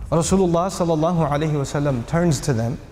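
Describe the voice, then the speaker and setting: A man giving an animated religious lecture. He asks the audience questions and acts out quotes as he tells a story. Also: a little high, fast, roomy sound, in a large hall, slight background noise.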